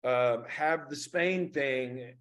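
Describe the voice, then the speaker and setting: A man's voice: medium pitch, very slow, fairly bright tone. Man with a light Indiana drawl. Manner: loose and profane, storytelling. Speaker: stand-up comedian and show producer. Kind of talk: casual interview chat.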